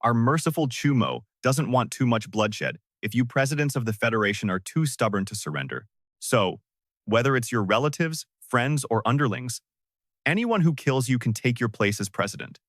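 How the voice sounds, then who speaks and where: A man's voice: medium pitch, lively intonation, moderate pace, fairly bright tone, dry recording, studio quality. A man voicing a smug younger brother who has seized power. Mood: gloating. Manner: smug, sneering.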